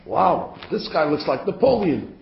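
A man's voice: a little high, big pitch swings, unhurried, gravelly, a little hiss or hum, exaggerated voice. A man voicing Russian army officers who gossip in a bar, in a roomy, dull recording. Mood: suspicious. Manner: incredulous, chatty.

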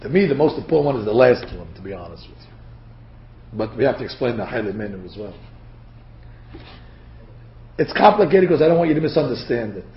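A man's voice: medium pitch, fast talker, pauses often, slight background noise. A man teaching a Torah lecture to a class, acting out the quotes as he goes. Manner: animated, acts out quotes. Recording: dull lo-fi lecture recording.

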